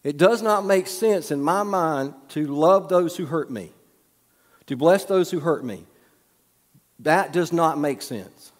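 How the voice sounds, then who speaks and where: Folksy pastor in a reverberant hall. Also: male voice, a little high, expressive, slow. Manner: folksy storytelling, humorous asides, drops to a soft hush. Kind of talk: sermon.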